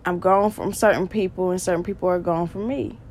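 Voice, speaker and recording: A woman's voice: lowish voice, steady tone, a little mellow. Earnest woman preaching her testimony. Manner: earnest and repetitive, with quick bursts of emphasis and laughs. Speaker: podcast host. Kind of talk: faith testimony talk, preaching.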